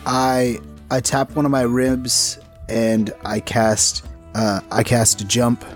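A man playing a tabletop game, describing his character's actions in slow, measured speech. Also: medium pitch, little pitch movement, soft background music. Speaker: player.

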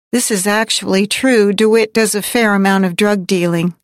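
A woman reading a novel aloud in first person, in a measured, wry and reflective way. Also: medium pitch, fairly even intonation, no echo, clean studio sound. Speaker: audiobook narrator. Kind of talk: first-person audiobook narration.

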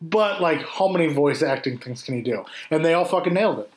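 A man chatting casually about movies on a podcast, animated, swearing often and laughing a lot. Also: a little high, fairly quick, reverberant.

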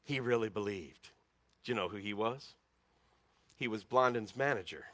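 A man preaching a sermon, telling stories dramatically and swinging from loud emphasis to hushed tones. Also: on the low side, moderate pace, no echo. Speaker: pastor.

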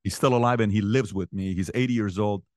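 A man in his forties with a fairly low voice tells stories from his life in conversation, and he gets animated, climbing high and loud whenever he relives a heated moment. The sound is dry and close, with no room around it. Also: fast talker, dry recording. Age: 40s. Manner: animated, rising in pitch and volume when reliving arguments. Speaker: interview guest. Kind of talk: storytelling in conversation.

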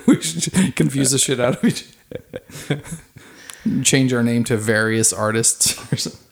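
A man's voice: medium pitch, vocal fry. A man co-hosting a casual podcast, teasing his bandmates and laughing a lot. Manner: teasing, quick with jokes, laughing. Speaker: podcast co-host. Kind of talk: casual chat over beers.

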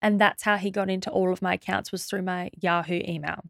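A young woman telling a stressful story as a podcast guest, in a quick, animated way with many fillers and restarts. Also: lowish voice, gravelly, no room sound, clean studio sound. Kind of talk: casual storytelling interview.

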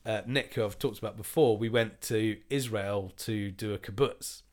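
A man in his forties telling a story in casual chat, animated and swearing, acting out other people's lines. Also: on the low side, moderate pace.

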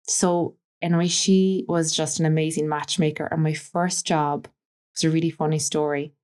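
Low-voiced Irish woman telling stories. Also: flat delivery, normal speed, darkish tone. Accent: Irish, West Cork. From Ireland, West Cork. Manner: chatty, anecdotal, frequent fillers like "like" and "you know". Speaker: guest, stylist. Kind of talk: casual interview storytelling.

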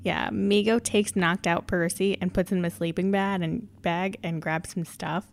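A woman's voice: lowish voice, fairly even intonation, moderate pace. A woman casually retelling a movie plot to a friend, laughing often as she goes. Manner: giggly, laughs often while summarizing. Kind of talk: casual movie recap chat.

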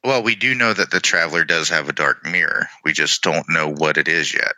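A man co-hosting a casual podcast, chatting and reading passages aloud in a relaxed way. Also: a bass voice, brisk, dry recording, rough recording. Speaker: podcast co-host.

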